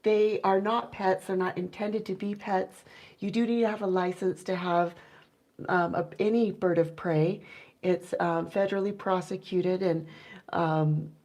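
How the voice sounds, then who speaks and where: A woman's voice: on the low side, a little mellow, rough recording. A woman chatting casually with her viewers about her pet owl, enthusiastic and full of fillers, now and then imitating owl hoots. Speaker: owl keeper and vlogger.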